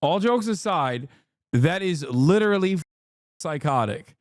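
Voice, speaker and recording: A man giving casual livestream commentary on the news, excitable and profane, swinging into high, incredulous outbursts. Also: unhurried, no echo, clean studio sound. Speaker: streamer reacting to news.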